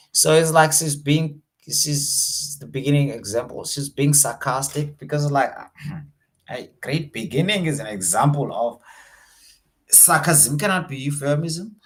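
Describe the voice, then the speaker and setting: A man's voice: mid-range voice, animated, a little slow. A South African man teaching an online exam revision lesson, casual and slangy, switching between languages.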